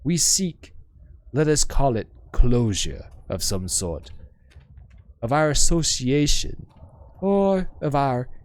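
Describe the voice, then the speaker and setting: Stately game scholar woman, voiced by a man, measured and formal, with a lively rising-falling melody. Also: medium pitch. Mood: measured, gracious. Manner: measured, formal, precise diction. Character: elegant formal woman scholar, serene hive mind.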